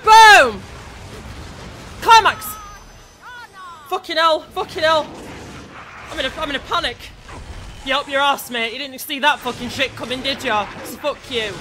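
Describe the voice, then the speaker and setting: A man giving live gameplay commentary as a let's play gamer, sweary and excitable, yelling at the game. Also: very high voice, measured pace, long pauses, background noise.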